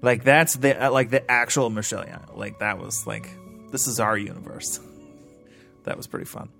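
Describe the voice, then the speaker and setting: A man's voice: mid-range voice, normal speed, vocal fry, a bit bright, soft background music. A man co-hosting a podcast, speaking in a laid-back way about a film. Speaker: podcast co-host. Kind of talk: casual film discussion.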